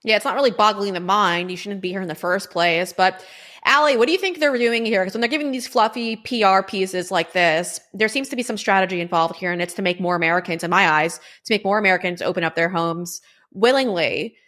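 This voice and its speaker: A woman host runs through political commentary at a quick clip, her speech loose and conversational. She leans on fillers as she goes, and her pitch sits in a middle range. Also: a bit bright. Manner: brisk, conversational, with many fillers. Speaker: show host.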